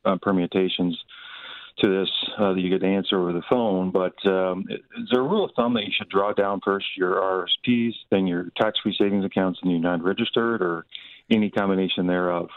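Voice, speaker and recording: A man's voice: low voice, fairly even intonation, fairly quick, dry recording. A middle-aged man calling a radio show by phone, polite and wordy as he asks his question. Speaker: caller. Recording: phone line.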